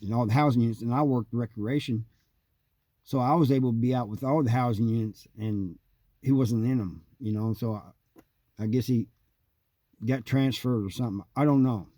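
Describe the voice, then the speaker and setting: Mellow-voiced man telling a story. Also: medium pitch, moderate pace, no room sound. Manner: rambling, easygoing, frequent "and, uh" fillers. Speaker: host telling prison stories. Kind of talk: casual spoken storytelling.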